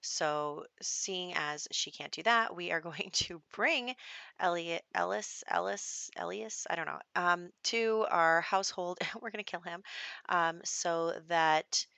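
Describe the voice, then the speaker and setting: A woman's voice: fairly low pitch, slow pace, creaky, pushed and bright, no room sound. A young adult woman giving casual, rambling commentary over a life-sim game, with lots of fillers and little laughs. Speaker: gameplay commentator.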